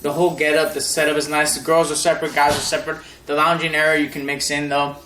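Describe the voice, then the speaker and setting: A young man chats loosely about a comic chapter, his voice sitting a little high. He rambles with lots of fillers and laughs. The room around him rings with echo. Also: fast talker, slight background noise. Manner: excited and rambling, laughs often, many fillers and restarts. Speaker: manga review vlogger. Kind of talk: casual spoken review.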